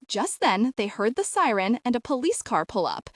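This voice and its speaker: Woman narrator, audiobook, lively pitch, slightly high, dry close sound. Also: moderate pace, dry recording. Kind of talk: scripted story narration.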